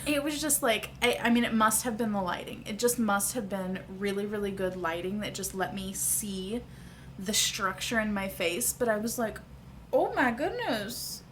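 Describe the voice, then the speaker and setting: A woman's voice: mid-range voice, normal speed, fairly bright tone, slight background noise. A woman in her thirties telling a personal story to camera in a chatty, candid vlog, laughing easily. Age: 30s. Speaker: vlogger.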